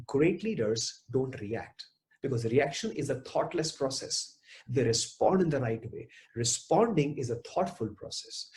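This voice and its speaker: Emphatic motivational speaker. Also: male voice, fairly high pitch. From India. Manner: emphatic, repeats key phrases, varies loudness widely. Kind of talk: motivational talk with a story.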